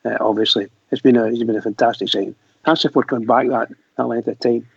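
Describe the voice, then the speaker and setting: A man on a radio panel, talking in a halting, hesitant way. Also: medium pitch, steady tone, vocal fry, slightly rough, no echo. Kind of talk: casual radio chat. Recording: dry, dull lo-fi audio.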